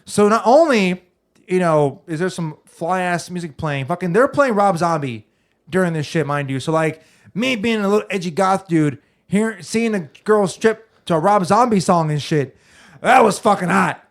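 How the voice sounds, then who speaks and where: A young man with a slightly high voice rambles through a crude anecdote. He swears constantly, loops back with "so what happens is," and keeps restarting his sentences. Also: animated, moderate pace. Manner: rambling storyteller, swears a lot, restarts often. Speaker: podcast co-host. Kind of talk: casual crude chat.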